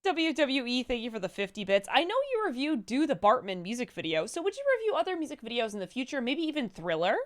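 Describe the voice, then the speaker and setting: A woman's voice: a little high, quick pace, few pauses. A woman co-hosting a casual livestream chat, reading out viewer messages and questions. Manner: lively, reads donor messages.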